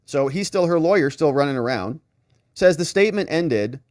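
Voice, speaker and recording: A lawyer retelling courtroom testimony for his viewers, a man with a fairly high voice. His pitch leaps around as he reacts in disbelief. The sound is dry and close, with no room echo. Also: animated, normal speed, darkish tone. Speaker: lawyer and legal commentator. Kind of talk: trial recap commentary.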